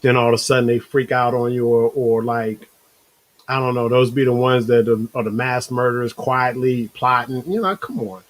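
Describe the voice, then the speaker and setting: A man hosting a casual motivational talk show, rambling and animated, acting out inner voices, with a slight cough. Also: medium pitch, moderate pace, rough recording. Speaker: show host.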